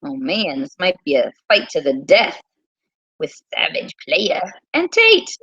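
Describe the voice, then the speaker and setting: A woman teacher hosting a casual quiz livestream from her small home, chatty and repeating things slowly. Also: mid-range voice, very animated, pushed and bright, no echo, lo-fi sound.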